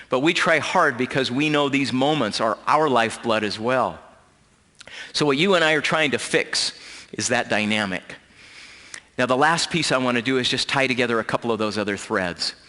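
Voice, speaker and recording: A man giving a talk, telling a personal story in an earnest way that turns quiet and emotional. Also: medium pitch. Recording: long hall reverb.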